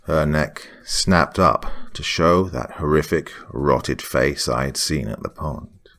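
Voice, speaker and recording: A man reading a first-person horror story in a hushed voice that drops to whispers. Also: rumbling low, slow pace. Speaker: horror podcast narrator. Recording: faint music under the voice.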